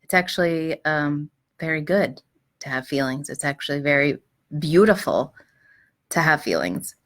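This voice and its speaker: A middle-aged woman hosting a live advice show, speaking gently and reflectively, with frequent fillers and restarts, clearing her throat now and then. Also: low voice, expressive, normal speed. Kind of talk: live-streamed advice talk.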